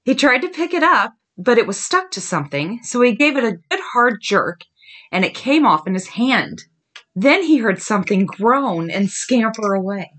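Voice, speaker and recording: Podcast host mom in her thirties, reads spooky tales aloud, giggly, drawn-out groans, very animated pitch. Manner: lively, giggly, groans the ghost's lines slowly. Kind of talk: reading scary stories aloud to her daughter.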